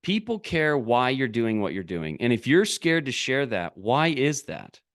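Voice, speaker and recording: Animated man coaching straight to camera. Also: mid-range voice, unhurried. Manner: animated, urging, asks many rhetorical questions. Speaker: business coach. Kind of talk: direct-to-camera coaching talk.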